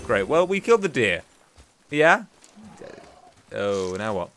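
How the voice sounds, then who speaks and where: A young gaming YouTuber provides gameplay commentary in a fairly low, very animated, fairly bright voice, speaking slowly. There's a little hiss or hum in the recording. He chats and jokes to himself as he plays.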